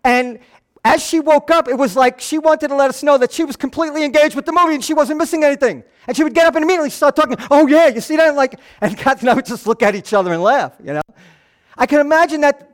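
A middle-aged man preaching a sermon as a pastor, moving between soft, hushed passages and raised, animated ones. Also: very high-pitched.

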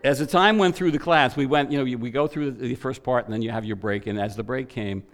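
A man preaches to a church congregation and builds his message from a personal story. He tells it in an animated way and acts out the voices of the people he met. His voice sits in an average range for a man. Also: medium pitch, brisk.

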